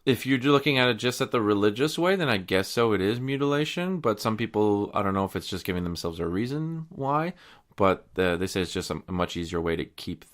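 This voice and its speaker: A man's voice: on the low side, lively intonation, brisk. A man co-hosting a podcast in casual chat, laid-back and teasing. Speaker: podcast co-host.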